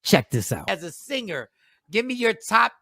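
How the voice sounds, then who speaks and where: A man hosting a radio talk show, with loud, rowdy banter and lots of laughing and shouting. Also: high-pitched, sing-song, normal speed, gravelly.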